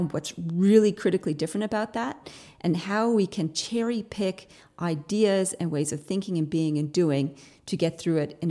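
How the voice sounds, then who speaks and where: A woman's voice: fairly low pitch, mellow. A woman from Canada, hosting a podcast interview in an enthusiastic, upbeat way. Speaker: podcast host.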